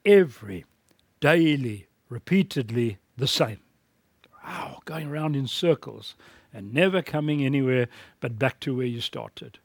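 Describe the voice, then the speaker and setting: A man's voice: medium pitch, creaky, no room sound. A man teaching a recorded course lecture in a blunt, emphatic preaching manner.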